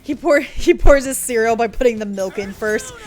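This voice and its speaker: A woman livestreams a game and chats casually, rambling with sarcastic, profane asides. Her voice sits high. Faint game music plays behind her. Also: normal speed. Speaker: game streamer. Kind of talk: casual gameplay commentary.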